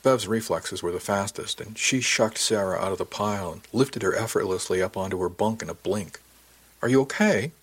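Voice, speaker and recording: Low husky guy reading a novel, calm even pace. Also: brisk, hardly any pauses. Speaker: narrator. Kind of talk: first-person audiobook narration.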